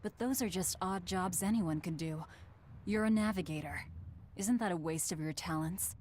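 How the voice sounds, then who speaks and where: A woman's voice: fairly low pitch, normal speed, a little mellow, slight background noise, close to an everyday voice. An actress playing a blunt, cool-headed young woman leader in a game, speaking curtly. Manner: blunt and curt. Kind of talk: game voice acting.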